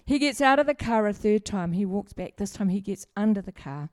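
A woman's voice: mid-range voice, animated, brisk, a little mellow, dry recording, clean studio sound. A middle-aged woman, preaching a sermon in a chatty, humorous way and asking the congregation questions. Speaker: pastor. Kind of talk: sermon with personal stories.

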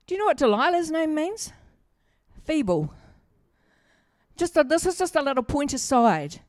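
A middle-aged woman preaches in a chatty, humorous way, stopping to ask the congregation questions. Her voice sits a little high. The sound is dry, with little room echo. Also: big pitch swings, moderate pace, pauses often, darkish tone. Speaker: pastor. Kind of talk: sermon with personal stories.

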